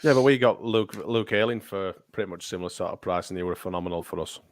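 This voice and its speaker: A man's voice: low voice, fast talker, no echo, clean studio sound. A man hosting a football podcast, chatty and teasing. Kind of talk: casual chat among mates.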